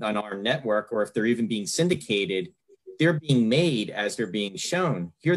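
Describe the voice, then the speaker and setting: A husky, medium-pitched man in his fifties from the New York area hosts a casual fan interview. He talks in long, rambling runs full of fillers and restarts.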